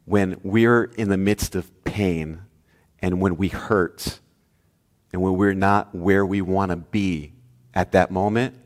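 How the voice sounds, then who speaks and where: A male pastor preaching a sermon, telling a story with lively swings between loud, emphatic lines and hushed, soft ones. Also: deep voice, slow, in a large hall.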